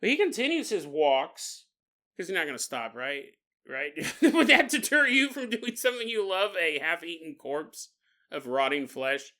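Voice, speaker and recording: A man's voice: a little high, big pitch swings, moderate pace, sharp tone. A male podcast host telling a story in a casual, jokey way, often laughing and adding gross-out asides.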